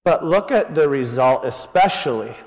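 A man preaching a conversational sermon as pastor, animated and joking as he thinks aloud. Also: on the high side, normal speed. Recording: long reverb of a large hall.

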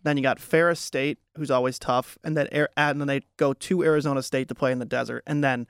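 A man's voice: medium pitch, steady tone, brisk, smooth, no room sound, studio quality. A young man hosting a casual sports podcast, chatting with a co-host and thinking aloud through fillers and restarts. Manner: conversational, with frequent fillers and restarts.

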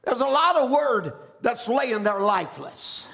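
A man preaching with an unusually high, bright and forceful voice. He swings between quieter explanation and shouted, rising emphasis, calling for amens along the way. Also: lively intonation, a little slow, gravelly. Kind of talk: sermon.

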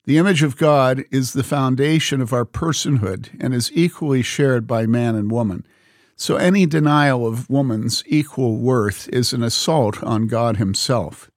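A man reading a book aloud in a measured, earnest way, speaking the quote marks as he goes. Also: mid-range voice, dry recording, studio quality. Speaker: reader.

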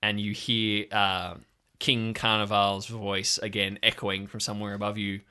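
A man's voice: fairly low pitch, flat delivery, unhurried, bright, forceful tone, smooth. A man narrating a tabletop game as game master, loose and hesitant with fillers.

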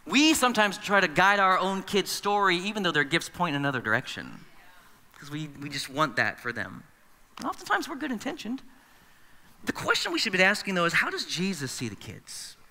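Man, pastor, sermon, high bright voice, conversational, echoing church hall. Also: big pitch swings, a little fast, gravelly. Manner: conversational, acts out quoted voices. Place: church sanctuary. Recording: long reverb of a large hall.

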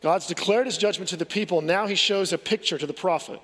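A man's voice: sits high, fast talker, fairly bright tone. A man preaching a sermon as pastor, earnest, asking rhetorical questions and restarting his phrases. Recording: long hall reverb.

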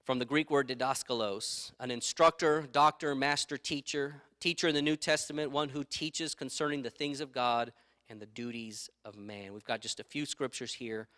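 Male pastor, middle-aged, emphatic sermon, bright tense tone. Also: medium pitch, fairly even intonation, moderate pace. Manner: emphatic, repeats key phrases, tells anecdotes.

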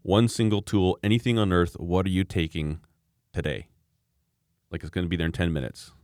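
A man with a very low voice chatting casually and rambling through a story, full of restarts and chuckles. The sound is dry and close, with no room around it. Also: steady tone, brisk, darkish tone, no room sound. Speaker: podcast co-host. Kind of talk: casual chat.

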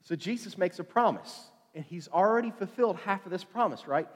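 A man giving a relaxed, joking sermon, full of fillers and restarts. His voice sits a bit high for a man and echoes with a long hall reverb. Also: brisk. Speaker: preacher. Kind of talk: casual evening sermon.

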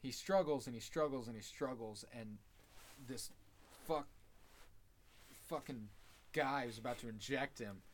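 A man in casual podcast chat, retelling a TV episode with lively swearing. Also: medium pitch, measured pace, long pauses, slight background noise. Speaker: podcast host.

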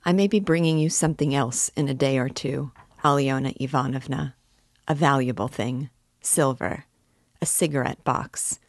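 A woman's voice: rumbling low, normal speed, no room sound, clean studio sound. A woman reading a novel aloud, voicing a poor, troubled young man who is tense and secretive, muttering his thoughts.

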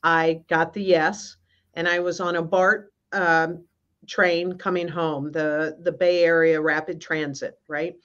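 A woman guest minister telling a personal spiritual story on a video call, in an earnest, halting way with many restarts. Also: low-pitched, flat delivery, fairly bright tone. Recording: slightly muffled.

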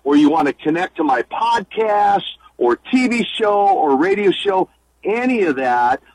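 A man's voice: sits high, animated, a little slow, dry recording, poor audio. A man in his sixties, a former wrestler and minister, speaking as a guest in a radio interview, earnest and eager, with many restarts and long lists.

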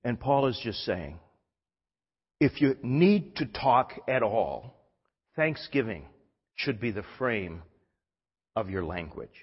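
A man preaching a sermon with emphatic force, often backing up and restarting his sentences. His voice is husky and slightly breathy. The recording is dull and carries a long hall reverb. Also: mid-range voice, animated, slow, pauses often. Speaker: pastor. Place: church hall.

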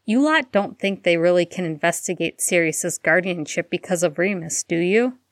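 A woman's voice: on the low side, moderate pace, no room sound, studio quality, natural voice. A woman reading aloud, voicing a defensive teenage boy who speaks emphatically and huffily. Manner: emphatic, demanding, huffy.

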